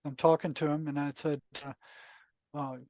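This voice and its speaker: Older man telling stories in a higher voice. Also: normal speed, no echo. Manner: relaxed, anecdotal, many asides and "you know". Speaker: podcast guest, retired psychotherapist. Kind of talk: casual storytelling.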